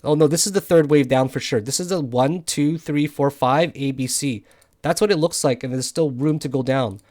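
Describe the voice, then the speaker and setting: A man with a somewhat high voice talks through his trades live, worn out after a night with no sleep. He thinks out loud, gets frustrated and swears often. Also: normal speed. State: tired from no sleep. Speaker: crypto day trader. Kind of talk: live trading commentary over charts.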